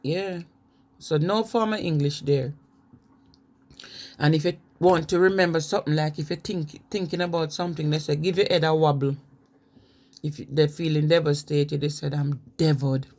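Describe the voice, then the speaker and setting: A woman's voice: sits low, steady tone, normal speed, darkish tone. A woman talks casually about how people speak in different places. She spells words out letter by letter and slips into imitations of the local pronunciations. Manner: spells words out letter by letter and mimics regional accents. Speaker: vlogger. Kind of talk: casual explainer on accents.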